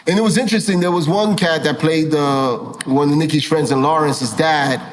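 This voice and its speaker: A man with a fairly high speaking voice tells stories in a relaxed interview, animated and loose, swearing now and then. He acts out other people's lines as he goes. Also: moderate pace, poor audio. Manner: animated, swears casually, acts out quoted dialogue. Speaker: film and TV director, guest. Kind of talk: casual interview storytelling.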